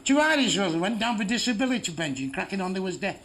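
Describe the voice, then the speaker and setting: A man's voice: sits high, very animated, fast, background noise. A man telling crude jokes as a stand-up comedian, swearing heavily and landing blunt punchlines.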